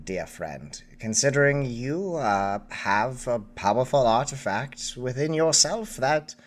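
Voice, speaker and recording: A man voicing the female Grand Master of a knightly order, formal and gracious in his own low voice.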